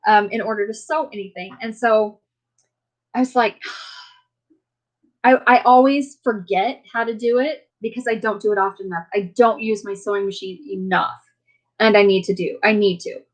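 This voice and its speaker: A woman's voice: medium pitch, fairly even intonation, moderate pace. Chatty woman hosting a live stream. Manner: rambling, chatty, many fillers; warm, friendly toward viewers. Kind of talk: casual live chat with viewers.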